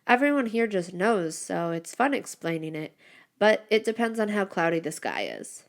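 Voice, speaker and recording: A woman's voice: mid-range voice, very animated, moderate pace, creaky. A woman voicing a friendly young male werewolf who explains things in an easygoing way. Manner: easygoing, cheerful.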